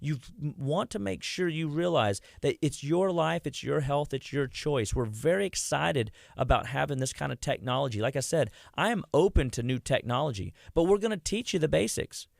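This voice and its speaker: Gravelly-voiced man on a dry studio mic. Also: a little high, normal speed, few pauses, no room sound. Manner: energetic, addresses listeners as "guys", acts out quoted people; frequent restarts and repeated words. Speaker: health clinician guest on a radio show. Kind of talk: conversational radio health talk.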